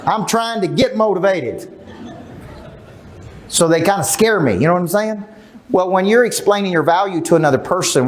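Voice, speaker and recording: Emphatic middle-aged male sales coach. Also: a little high. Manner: emphatic, asks the crowd questions, acts out quotes. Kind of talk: live seminar talk to an audience. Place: large event room.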